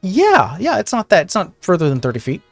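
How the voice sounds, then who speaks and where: A man running a tabletop game, describing the room piece by piece with plenty of fillers and self-corrections. Soft music plays faintly behind him. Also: high-pitched, huge pitch swings, fairly quick, gravelly, no room sound. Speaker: game master.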